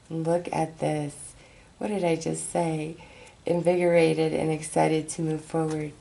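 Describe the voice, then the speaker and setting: A woman's voice: low voice, gravelly, warm tone. A woman giving an encouraging tarot reading, speaking directly and soothingly to her viewers. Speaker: tarot reader.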